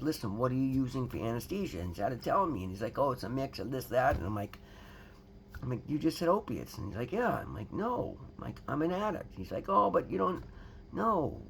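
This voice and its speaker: An earnest man speaks at home with a gravelly, creaky edge to his mid-range voice. He talks candidly about his recovery, stumbling over restarts and turning to his viewers as "guys", with a faint hiss behind him. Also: mid-range voice. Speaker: recovery vlogger. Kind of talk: candid personal testimony to camera.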